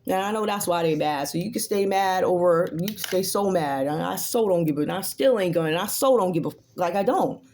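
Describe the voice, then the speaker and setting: A woman's voice: fairly low pitch, animated, a little fast, hardly any pauses, a little mellow, slight background noise. A woman giving a casual tarot reading that turns into a blunt, profane rant aimed straight at an unseen rival. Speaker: tarot reader.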